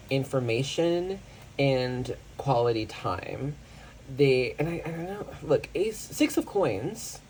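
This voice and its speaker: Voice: mid-range voice, darkish tone, slight background noise, rough recording. A tarot reader in a casual pick-a-card reading who thinks aloud and often stops to search for words, with many fillers and restarts.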